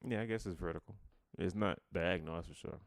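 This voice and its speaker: Clean studio sound with no echo frames a low, gravelly male voice. This podcast co-host, who has a slight stutter, keeps the chat casual while picking his words slowly and carefully, with occasional chuckles.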